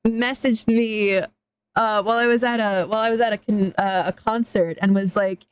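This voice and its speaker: A woman's voice: mid-range voice, steady tone, moderate pace, smooth, no room sound. A young woman streaming live in casual chat, blunt and swearing freely. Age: young adult. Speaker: VTuber streamer.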